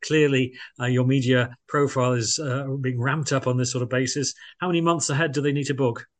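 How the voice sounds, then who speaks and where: A man's voice: mid-range voice, steady tone, fairly quick. A man hosting a radio interview, effusive and full of fillers. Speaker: radio host.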